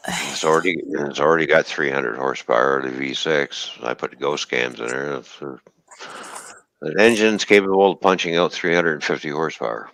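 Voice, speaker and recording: A man's voice: very deep voice, moderate pace, vocal fry, a bit bright, no room sound. A man chatting casually on a live stream, joking and rambling through car engine details. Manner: rambling, jokey, explains car engine specs. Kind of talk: casual chat.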